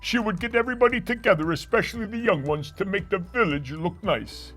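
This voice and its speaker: A man voicing a fond puppet dad in a kids' puppet show, telling stories in a warm way. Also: high voice, a little fast, soft background music. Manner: warm, storytelling. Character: doting puppet dad, talks fondly of his old village. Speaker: puppeteer and narrator.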